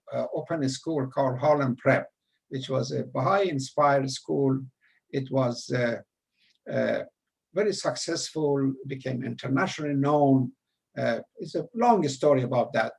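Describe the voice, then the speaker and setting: An older man from Persia with a heavy Persian accent, telling a long personal story in a halting way with many fillers. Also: medium pitch, vocal fry, husky, poor audio. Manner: halting, many uh fillers, animated when quoting. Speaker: guest storyteller. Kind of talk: casual spoken anecdote.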